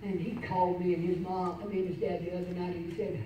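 A woman pastor preaching a sermon, fervent and swinging from loud exclamations to quiet storytelling. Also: lowish voice, little pitch movement, quick pace, few pauses, dull audio. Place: church sanctuary. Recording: echoey church, distant mic, faint hiss.

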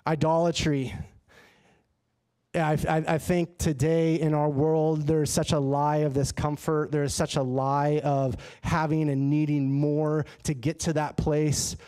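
A man preaching a sermon in a church, telling a personal story in a lively, conversational way. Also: a little high, measured pace, clean tone. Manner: animated and conversational, acts out his own dialogue. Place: church sanctuary.

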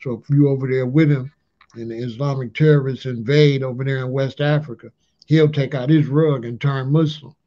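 Speaking at a normal speed in a mellow, mid-range voice with a steady tone, a talk-channel commentator delivers a casual ranting monologue. His street slang is loose, and "allegedly" and "you know what I'm saying" keep showing up at the ends of his lines, all captured in dull lo-fi audio.

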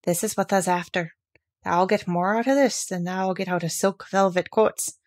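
A woman's voice: mid-range voice, steady tone, normal speed, a little mellow, lightly acted. A woman doing a friendly moorland country boy. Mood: easygoing.

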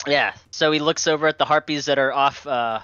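A man's voice: on the high side, fairly even intonation, fairly quick, sharp tone, clear, resonant tone, no echo. A man playing in a tabletop game over voice chat, hesitant and unsure of the rules. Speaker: player. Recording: dry, dull lo-fi mic.

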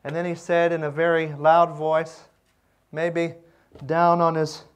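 A man teaching a seminary class on pastoral care, reflective and unhurried, with many pauses. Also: fairly high pitch, little pitch movement, smooth. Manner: slow, reflective, with pauses and fillers. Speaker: seminary lecturer. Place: lecture room.

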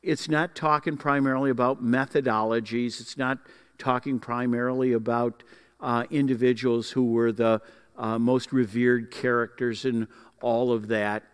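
A man teaching a Bible class in a folksy, explanatory way, pausing often to find his words. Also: mid-range voice, flat delivery, smooth, in a large hall. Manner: folksy, explanatory, with frequent uh fillers.

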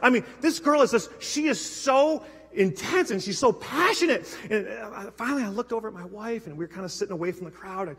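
Male preacher, high voice, husky tone, chatty storytelling sermon, long hall echo. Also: expressive, a little fast, fairly bright tone. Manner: conversational storytelling with self-deprecating humor. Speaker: pastor. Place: church sanctuary.

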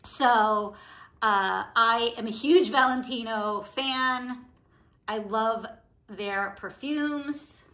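A woman beauty vlogger chatting casually about products she loves, gushing and excitable with a rambling flow. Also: on the high side, extremely slow. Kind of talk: casual product review chat.

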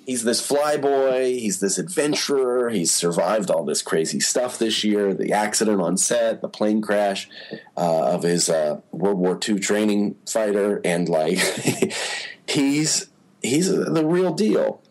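A man with a fairly low, slightly mellow voice speaks slowly and expressively on a rough-sounding recording. He's an entertainment journalist appearing as a podcast guest, casually telling stories in interview chat and leaning heavily on fillers like "you know."

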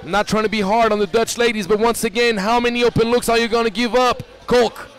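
A man giving live basketball play-by-play, excitable and rising to shouts on big plays. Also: very high voice, brisk. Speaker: play-by-play commentator.

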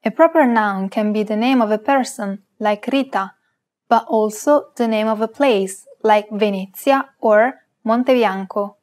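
A woman's voice: a little high, measured pace, a little mellow. Woman co-host carefully pronouncing example words. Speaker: co-host and native speaker. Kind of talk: scripted lesson narration with example words.

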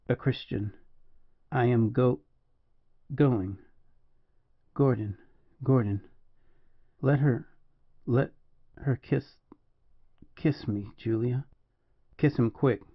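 A man voicing a dying noble soldier who speaks faintly and haltingly. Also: mid-range voice, breathy edge. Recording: dull lo-fi dry recording.

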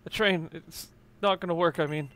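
A man's voice: on the high side, steady tone, moderate pace, a bit bright. A man co-hosting a game playthrough, reading the dialogue aloud with drama and frequent swearing. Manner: dramatic, swears a lot when reading lines. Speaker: let's play co-host.

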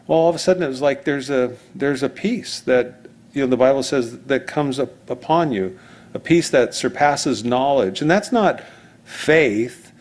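A male pastor giving a relaxed, conversational sermon. He tells it like a story, wandering into asides and restarting sentences as he goes. His voice sits at an ordinary middle pitch for a man. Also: unhurried.

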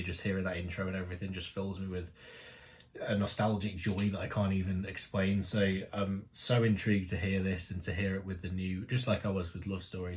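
Excitable man, lowish voice. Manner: gushing, excitable, laughs and sings along; rambling with many restarts. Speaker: music reaction host. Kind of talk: casual reaction commentary. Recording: music playing faintly behind.

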